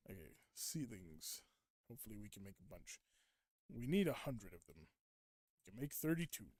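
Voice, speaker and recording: A man's voice: lowish voice, sing-song, normal speed, darkish tone, no room sound, clean studio sound. A young man streaming a game, chatting casually, laughing often and acting out quotes. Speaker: gaming streamer. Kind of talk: casual gameplay chat.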